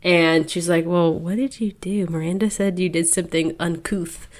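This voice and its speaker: A woman's voice: on the low side, fairly even intonation. Chatty young woman recapping a book. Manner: chatty, acts out characters' lines in quick asides. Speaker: podcast co-host. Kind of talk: casual chat recapping a book.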